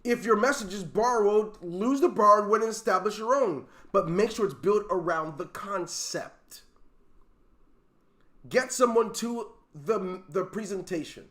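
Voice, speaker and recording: A man's voice: sits high, a little slow, a bit bright. A man leading a motivational talk over a video call for his sales team, emphatic and preachy, full of rhetorical questions. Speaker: network marketing team leader.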